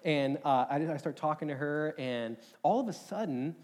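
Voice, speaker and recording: A young man telling a personal story in a sermon, animated and rambling, with many filler words. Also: on the high side, moderate pace. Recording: long hall reverb.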